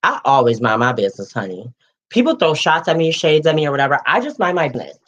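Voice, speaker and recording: A woman in her late twenties, co-hosting a casual gossip chat, sassy and animated, calling everyone "girl" and "honey". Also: low-pitched, fast, muffled recording, a little hiss or hum. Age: late 20s. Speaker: co-host.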